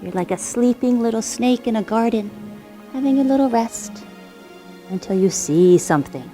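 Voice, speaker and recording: Woman kids yoga teacher, higher voice, soft encouraging sing-song cues, faint music behind. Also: expressive, moderate pace. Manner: gentle, encouraging, sing-song instructions to children. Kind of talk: guiding a children's yoga class.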